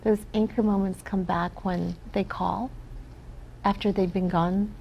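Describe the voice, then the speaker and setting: Earnest woman with a gravelly voice. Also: mid-range voice, steady tone, a little slow, highs cut off, slight background noise. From Philippines. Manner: earnest storytelling, often tags "right?". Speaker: guest. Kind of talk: casual interview talk.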